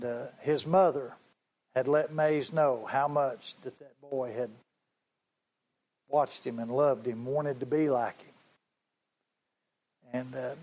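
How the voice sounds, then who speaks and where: A male preacher tells a story from the pulpit at a very unhurried pace. His voice sits a little high for a man. He is earnest and often circles back to repeat a phrase. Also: a little mellow, poor audio. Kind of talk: sermon storytelling.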